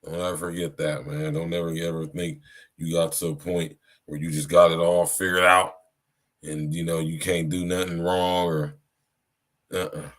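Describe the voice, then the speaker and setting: Deep-voiced man preaching on a podcast. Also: flat delivery, normal speed, fairly bright tone. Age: 30s. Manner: preachy, repeats "you hear me" and "man". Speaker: podcast host. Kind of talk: casual live-stream monologue.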